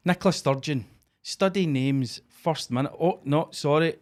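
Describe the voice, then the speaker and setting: A Scottish man hosting a casual comedy podcast, chatty and quick to laugh as he runs the show from a home studio. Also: fairly high pitch. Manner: chatty, laughs often, upbeat caller intros. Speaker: podcast host.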